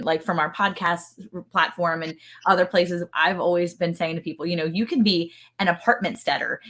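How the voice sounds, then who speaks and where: A woman hosting a casual livestream chat, telling stories in a chatty, animated way. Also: lowish voice. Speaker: podcast host.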